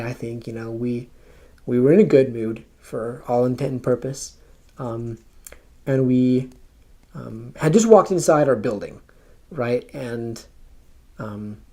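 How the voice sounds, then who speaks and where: A man's voice: medium pitch, mellow. Young guy telling a missionary story, lots of ums and restarts, casual. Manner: halting, many fillers and restarts.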